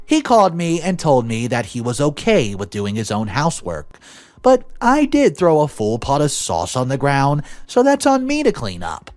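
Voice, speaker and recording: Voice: mid-range voice, moderate pace, faint music behind. A narrator reading online stories aloud, adding their own commentary and acting out the quoted lines. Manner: expressive storytelling, acts out quoted lines. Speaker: story narrator and channel host.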